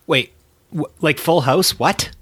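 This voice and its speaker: A man's voice: fairly high pitch, fairly bright tone, slightly rough, no echo. A Canadian man hosting a podcast, playful and teasing in casual chat. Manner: playful, teasing, quick to joke. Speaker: podcast host.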